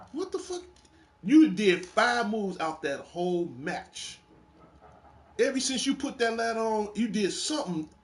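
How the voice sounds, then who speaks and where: A man hosting a casual gaming chat, telling wrestling game stories with lots of laughing and swearing. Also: high-pitched. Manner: animated storytelling, laughing, swearing freely. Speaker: gaming show host.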